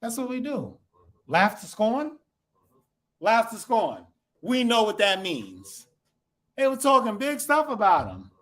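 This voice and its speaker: A man's voice: sits high, huge pitch swings, slow pace, long pauses, a bit bright. A man teaching a congregation through a scripture lesson, asking the class questions and acting out the people in the text.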